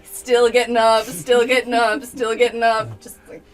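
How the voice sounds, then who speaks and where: A woman's voice: a little high, level tone, normal speed, far from the mic, soft background music. A woman playing a tabletop game casually, hesitant and laughing as she talks. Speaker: player.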